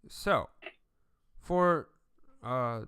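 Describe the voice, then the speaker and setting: A man running a tabletop game as game master, talking in a halting way with many fillers and restarts. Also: medium pitch, animated, noisy background.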